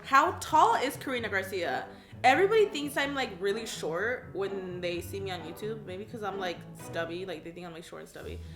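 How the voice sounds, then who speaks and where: Here a Californian crafts YouTuber in her twenties reads questions aloud and chats bubbly and casually, overusing "like" and giggling at her own answers. Her voice is medium-pitched and expressive, fairly quick. There's reverb and music in the background.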